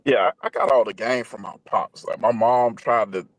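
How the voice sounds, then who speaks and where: Man, mid voice, relaxed and casual, loose filler-heavy delivery. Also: medium pitch, moderate pace, dry recording, low-quality recording. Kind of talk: casual chat.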